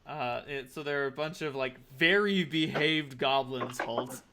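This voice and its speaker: A man narrating a tabletop game as game master, halting with many fillers and restarts. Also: medium pitch, noisy background.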